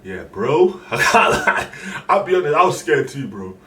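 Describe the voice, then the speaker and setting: A young man, a streamer casually telling a story, acting out other people's lines and breaking into shouts. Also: a little high, big pitch swings, moderate pace. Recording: roomy echo, voice far from the mic, faint background noise.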